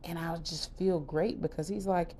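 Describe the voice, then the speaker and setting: A middle-aged woman hosting a podcast, telling her personal story candidly in a casual, expressive way with lively quoted asides. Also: on the low side, normal speed, slightly rough. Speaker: podcast host.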